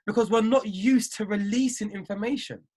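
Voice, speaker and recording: Husky-voiced man coaching. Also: high-pitched, moderate pace, a little mellow. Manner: emphatic, repeats phrases, preachy. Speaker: trading mindset coach. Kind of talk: live-stream motivational talk answering viewers.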